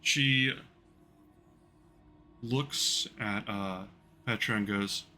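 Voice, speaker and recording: Low-voiced man running a tabletop game. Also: very slow, bright, forceful tone, faint music behind. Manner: casual, rambling narration with fillers. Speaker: game master. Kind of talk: narrating a romantic tabletop one-shot.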